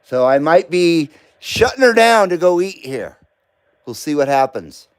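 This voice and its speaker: A man's voice: a little high, big pitch swings, a little slow, clear, resonant tone. A middle-aged man hosting a live stream, chatting casually, joking and laughing often as he reads comments.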